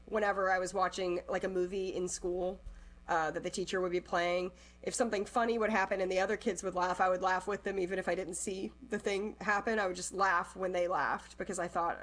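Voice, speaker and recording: A woman's voice: fairly low pitch, flat delivery, brisk, a bit bright. A young woman in a casual chat, reflective as she shares a memory, who laughs and agrees along. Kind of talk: casual conversation.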